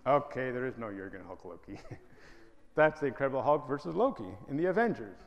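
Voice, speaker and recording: A man's voice: medium pitch, sing-song, fairly quick, muffled recording. A man preaching a sermon, joking at times and pressing his listeners with rhetorical questions. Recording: hall reverb.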